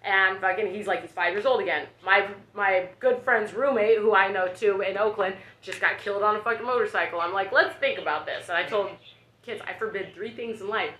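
A woman's voice: medium pitch, fairly quick, pushed and bright. A woman ranting casually at home in a rambling, profane, emphatic way. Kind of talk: casual rant. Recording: echoey room.

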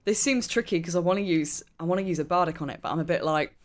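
A woman's voice: fairly low pitch, fast talker. A woman playing a tabletop role-playing game, talking casually and laughing easily. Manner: chatty, giggly. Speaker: player.

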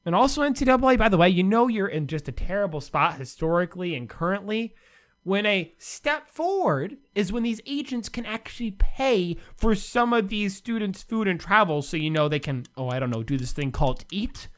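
Animated sarcastic sports host, man. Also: normal speed. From United States. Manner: animated, sarcastic ranting with big pitch swings. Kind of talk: solo sports commentary show.

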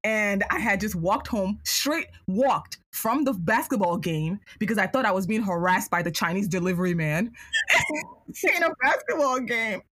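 A young adult woman hosting a podcast, telling a story in an animated casual way, with "like" as her constant filler. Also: mid-range voice, normal speed, no echo. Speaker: podcast host.

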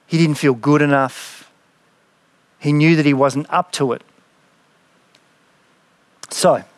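A man's voice: a little high, no room sound. A man, a pastor, preaching a sermon in an earnest, reflective way and reading scripture dramatically.

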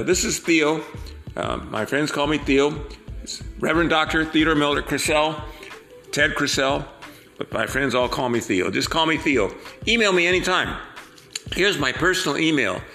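A man's voice: medium pitch, sharp tone. A man hosting a podcast, delivering a rambling, preachy monologue full of repetitions and jokes. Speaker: podcast host and political candidate.

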